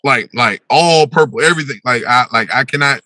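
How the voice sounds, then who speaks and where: Bright-voiced man telling a wild story. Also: fairly quick, no room sound. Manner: animated, acts out his own past voice with big jumps in pitch; slangy, repeats "bro" and "yo". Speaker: podcast guest telling a story. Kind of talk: animated storytelling.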